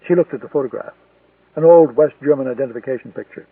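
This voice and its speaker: A man narrating a thriller audiobook in a steady, measured storytelling manner. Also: mid-range voice, breathy edge, no room sound. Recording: tinny, distant, dry lo-fi recording.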